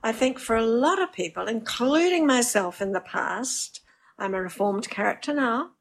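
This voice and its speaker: Older woman, gravelly and husky. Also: a little high, animated, normal speed, low-quality recording. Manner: frank, wry and self-mocking. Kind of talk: casual chat.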